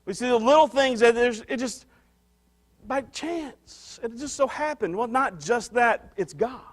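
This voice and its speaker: High-voiced man preaching a conversational sermon. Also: expressive, measured pace. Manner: conversational, restarts and repeats phrases for emphasis. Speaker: pastor.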